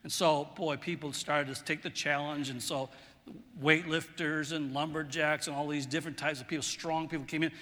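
A man preaching a sermon in a large church hall, telling stories in a relaxed, chatty way and often repeating words. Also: on the high side, moderate pace. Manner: conversational, storytelling, repeats words. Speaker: pastor. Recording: long hall reverb.

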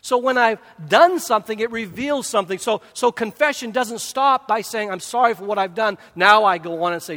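A man's voice: high-pitched, brisk, hardly any pauses, a bit bright. A middle-aged man preaching a sermon, earnest and conversational, often restarting and putting questions to the congregation. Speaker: pastor. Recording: long hall reverb.

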